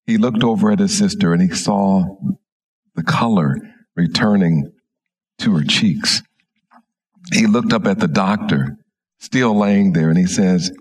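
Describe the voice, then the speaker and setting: A middle-aged man, a minister, telling a story slowly and gently in a sermon. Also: low-pitched.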